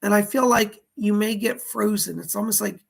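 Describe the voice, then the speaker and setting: A middle-aged man giving live psychic readings, with a hoarse voice that is going and a chatty manner as he reads out viewer donations and questions. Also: high voice, normal speed. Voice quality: gravelly. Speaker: psychic medium.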